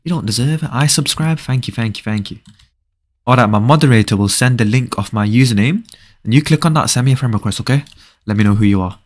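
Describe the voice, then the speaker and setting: A young man livestreaming a game, reading viewer comments aloud and answering them with playful teasing, often repeating short phrases in quick bursts. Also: medium pitch. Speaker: live game streamer. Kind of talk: casual live-stream chat.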